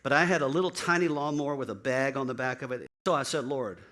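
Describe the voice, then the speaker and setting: A man's voice: medium pitch, fast. A man who is a pastor, telling a personal story in a sermon and acting out the voices of the people in it. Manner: animated storyteller, acts out quoted voices.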